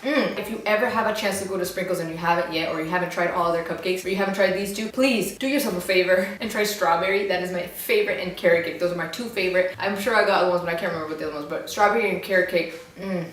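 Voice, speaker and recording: A woman's voice: mid-range voice, a bit bright, distant mic, a little hiss or hum. A young woman chatting casually in a rambling, self-mocking way while reviewing drinks. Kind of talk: casual chat. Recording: very echoey room, away from the mic.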